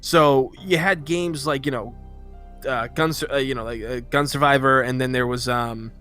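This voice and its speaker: A man's voice: mid-range voice, steady tone, moderate pace, pushed and bright, faint music behind. A man co-hosting a podcast in casual chat, rambling through his points. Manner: rambling, with many fillers and restarts. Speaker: podcast co-host.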